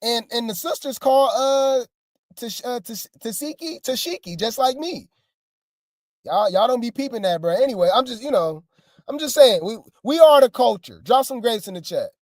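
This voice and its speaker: A woman's voice: on the high side, expressive, moderate pace, a little mellow, no echo, studio quality. A woman hosting a celebrity gossip channel, chatting wryly and straight to her viewers. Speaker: gossip news commentator. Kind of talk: casual gossip commentary.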